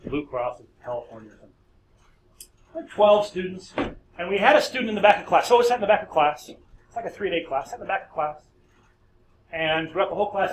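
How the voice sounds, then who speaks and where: A middle-aged man, a professor, lecturing a class in a chatty way, with storytelling asides. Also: sits high. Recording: echoey classroom, distant mic, faint noise.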